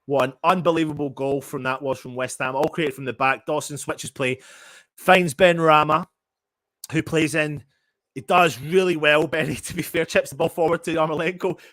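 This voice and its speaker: A young man giving excitable, emotional fan play-by-play during a live match watchalong. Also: a little high, moderate pace, no room sound. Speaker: fan commentator.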